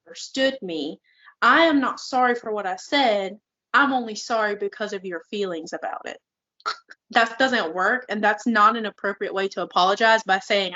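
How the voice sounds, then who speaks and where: A woman co-hosting a casual podcast chat, earnest and quick to laugh. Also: medium pitch, pushed and bright, dull audio. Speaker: podcast co-host.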